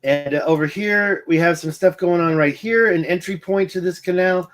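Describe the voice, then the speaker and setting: Man, slightly high voice, distracted, muttering to himself, hiccuping, keeps restarting sentences. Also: normal speed, fairly bright tone. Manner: distracted, muttering, self-correcting. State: hiccuping, eye twitching. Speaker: independent researcher presenting maps. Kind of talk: rambling screen-share commentary.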